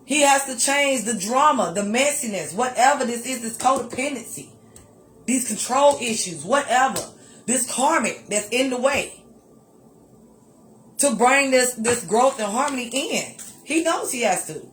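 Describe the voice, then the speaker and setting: High-voiced animated woman reading tarot. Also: a little slow, faint music behind. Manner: animated and exclamatory, calls listeners honey and y'all; repeats phrases for emphasis. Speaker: tarot reader. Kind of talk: tarot card reading to viewers.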